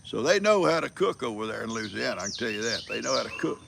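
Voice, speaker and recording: A man's voice: medium pitch, big pitch swings, quick pace, noisy background. An older man, chatting casually on a livestream, a folksy storyteller who rambles and chuckles. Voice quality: gravelly. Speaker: livestream host.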